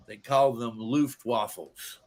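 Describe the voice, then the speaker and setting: A man's voice: medium pitch, steady tone, takes it slowly. A man hosting a casual group show, telling a long joke in a rambling, folksy way. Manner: rambling, folksy storyteller with lots of fillers. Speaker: podcast host.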